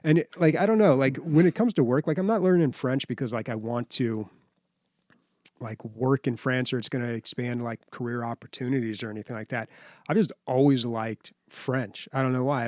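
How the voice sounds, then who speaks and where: A man's voice: mid-range voice, darkish tone, no echo, studio quality. A young man co-hosting a gaming podcast, chatting casually and rambling with lots of fillers. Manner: rambling, filler-heavy, laughs often. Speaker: podcast co-host. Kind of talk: casual chat.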